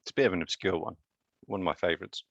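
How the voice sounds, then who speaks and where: A man's voice: sits low, rapid-fire, dry recording, dull audio. A man lecturing on genetics in a live online class, chatty and quizzing students with joking asides.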